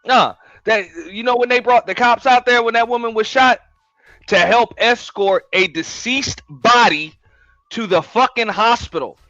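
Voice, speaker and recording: High bright-voiced guy cussing and ranting hard, dull lo-fi dry audio. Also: a little slow, no room sound. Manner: profane, blunt, loud and emphatic. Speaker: host. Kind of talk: casual political rant.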